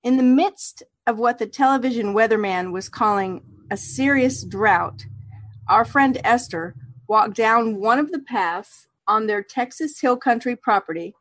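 A woman co-hosting a casual talk show, reading a book aloud in a measured, thoughtful way. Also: mid-range voice, dry recording. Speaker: podcast co-host.

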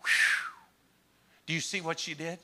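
A man preaching a sermon to his congregation, swinging between hushed, slow lines and impassioned cries. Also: on the high side, flat delivery.

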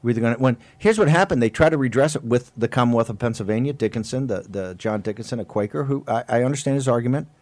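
A man's voice: mid-range voice, quick pace, hardly any pauses, darkish tone, no echo. A man hosting a political talk show, delivering an impassioned, rambling monologue full of emphatic repetition. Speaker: host.

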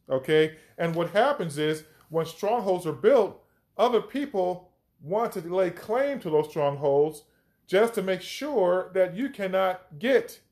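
A man's voice: high voice, a little mellow. A man hosting a podcast, teaching from the Bible with emphatic, reflective commentary as he reads scripture aloud.

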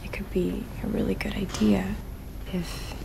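A woman's voice: medium pitch, level tone, unhurried, gravelly, rough recording. An actress playing a frightened captive young mother who whispers a hesitant plea. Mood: pleading.

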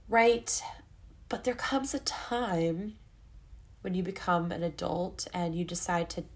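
A young adult woman hosting a solo podcast, talking candidly in a rambling, self-interrupting way. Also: lowish voice. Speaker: podcast host. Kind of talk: casual solo podcast monologue.

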